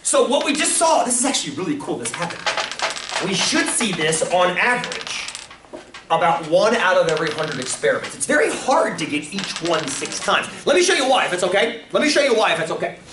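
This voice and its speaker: A man teaching a lively classroom lesson, breaking into loud bursts of excitement. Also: high-pitched, a little fast, background noise. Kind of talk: classroom lecture. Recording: echoey classroom from far off.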